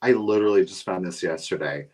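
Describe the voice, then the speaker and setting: A man's voice: low-pitched, quick pace, noisy background. A man co-hosting a live vintage sale, running auction countdowns and cheering on buyers in an upbeat way.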